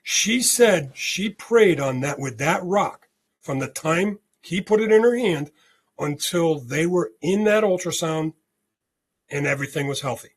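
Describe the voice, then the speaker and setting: A man guest on a spiritual podcast, telling a story in an animated way and often checking in with "okay?". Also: on the high side, a little slow, slightly rough.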